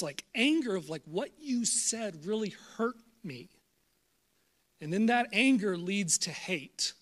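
A young man delivers a sermon with a high, bright voice. He is jokey and animated, and he turns loud and fired up when he gets going. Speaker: pastor. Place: church auditorium.

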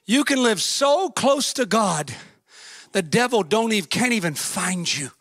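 Male preacher, very high, bright voice, fervent sermon delivery with shouted peaks and folksy storytelling. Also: expressive, measured pace, dry recording. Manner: fervent, rising to shouts and singsong.

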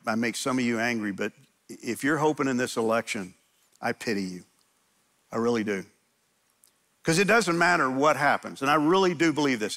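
Male pastor, sermon delivery, gravelly and bright, earnest, repeats himself while acting out prayers. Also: medium pitch. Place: church, men's gathering.

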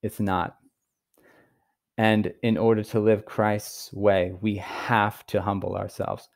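Low-voiced earnest male Bible teacher. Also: level tone, gravelly. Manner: earnest, emphatic, stresses key words with pauses. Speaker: preacher.

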